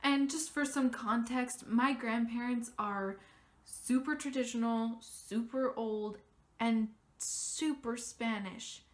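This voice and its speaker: A young woman vlogger candidly telling a personal story, getting animated when she quotes others. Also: on the high side. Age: young adult.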